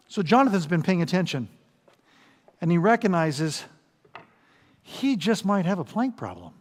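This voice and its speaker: A man preaching a sermon as pastor, animated and acting out quoted voices. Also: sits high, normal speed, pauses often. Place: large church hall. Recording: long hall reverb.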